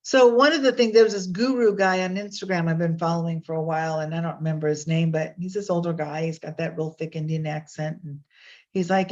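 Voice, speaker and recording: A woman's voice: lowish voice, fairly even intonation, brisk, a little mellow. A woman hosting a casual online session, talking in a chatty, meandering way with fillers and restarts over a video call. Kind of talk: casual spoken reflection with readings. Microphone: webcam on a video call. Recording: slightly dull lo-fi audio.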